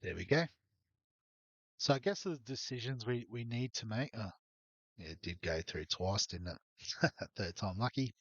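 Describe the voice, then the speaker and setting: A man's voice: on the low side, expressive, a little slow, long pauses, slightly rough, no echo, lo-fi sound. A man walking through his fantasy rugby league team in a rambling, hesitant way, full of ums. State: has the hiccups. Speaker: fantasy sports youtuber. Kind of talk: casual fantasy team walkthrough.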